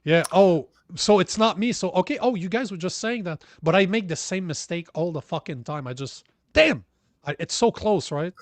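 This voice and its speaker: A man's voice: sits high, moderate pace, hardly any pauses, no echo. A man co-hosting a casual political talk show, crude and mocking, poking fun at himself. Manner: crude, mocking, self-deprecating. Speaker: podcast co-host.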